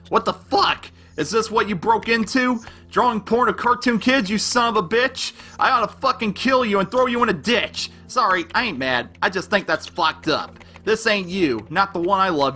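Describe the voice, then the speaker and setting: In a high, sharp, husky voice, a man raps a rhyming fan letter over a backing beat. His heavily acted delivery plays an obsessive, unstable young male superfan and swings between gushing and menacing.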